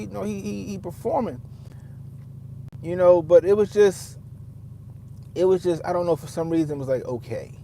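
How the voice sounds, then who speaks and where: A man's voice: sits high, normal speed, creaky, long pauses, warm tone, slight background noise. A man giving a casual, profane commentary, rambling and often repeating himself as he restarts his thoughts. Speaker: father.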